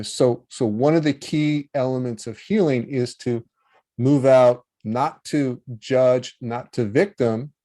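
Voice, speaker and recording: A man teaching about healing in a relaxed, conversational way, acting out inner voices with changing tones and checking in with the listener. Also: medium pitch. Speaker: meditation teacher. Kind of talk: talk on healing.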